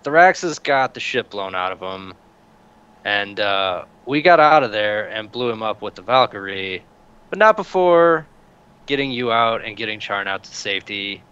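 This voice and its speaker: A man's voice: fairly low pitch, expressive, normal speed, sharp tone, clean tone, dull audio. A man playing his character in a tabletop game, speaking in a casual, plain way with some swearing. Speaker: player.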